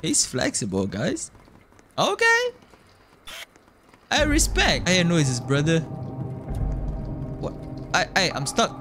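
A man giving jokey, excitable commentary while playing a horror game, often yelping and screaming. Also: high-pitched, takes it slowly, pauses often, over music. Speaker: gaming YouTuber.

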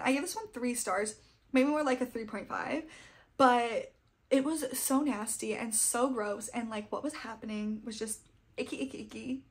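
A woman's voice: on the high side, moderate pace. A young adult woman chatting casually about books she read, gushing and fangirly. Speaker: book vlogger. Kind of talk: casual book wrap-up chat.

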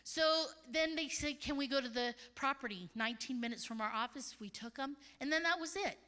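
A woman's voice: high voice, a little fast. A woman speaking at a conference, telling stories in a sermon and acting out the voices of the people she quotes. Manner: animated storyteller, acts out quoted voices. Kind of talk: sermon with storytelling. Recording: large hall reverb.

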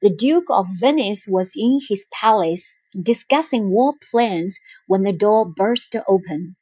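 A woman narrating a children's storybook in a slow, clear reading style. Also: mid-range voice, expressive, warm tone, dry recording.

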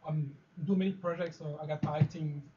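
French-accented guy on a live stream, fast and halting, low mellow voice. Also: fairly even intonation, husky. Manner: halting, searching for English words. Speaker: actor guest. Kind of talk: casual interview answers. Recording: dull lo-fi live stream audio.

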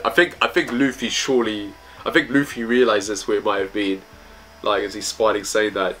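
A man's voice: fairly low pitch, fairly quick, a bit bright. A man reviewing manga chapters in casual commentary, reading panels aloud in loose, slangy phrasing.

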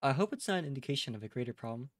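Speaking very fast in a medium-pitched voice, a live streamer with a Midwestern American accent rambles casually and talks straight to his chat. The sound is clean and studio-like, with no room sound.

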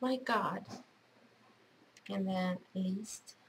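A woman's voice: medium pitch, very slow, creaky, a little hiss or hum, poor audio. A middle-aged woman chatting at home as a craft vlogger, gushing and effusive as she shows off gifts. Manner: gushing, effusive, repeats praise words. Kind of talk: casual unboxing chat.

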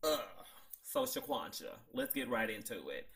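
A man hosting a casual TV recap, excitable and chatty, laughing at his own jokes. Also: medium pitch, normal speed. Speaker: show host.

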